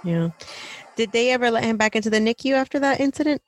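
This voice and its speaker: A woman interviewer asking quick, probing, sympathetic follow-up questions. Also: on the high side, animated, no room sound.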